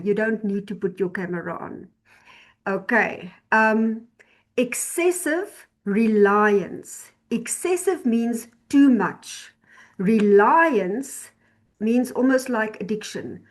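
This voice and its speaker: A woman teaching an online class, explaining slowly and patiently, often repeating and restarting her phrases. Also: medium pitch.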